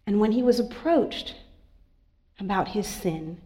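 A woman pastor giving a sermon in a church, earnest and confiding, moving between soft asides and emphatic lines. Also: medium pitch, animated, a little slow.

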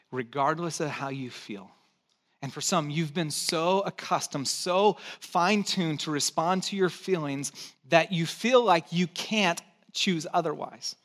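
A man's voice: fairly high pitch, a bit bright. A middle-aged male pastor preaching a sermon, emphatic and conversational, repeating his key phrases. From born in Texas, raised in California.

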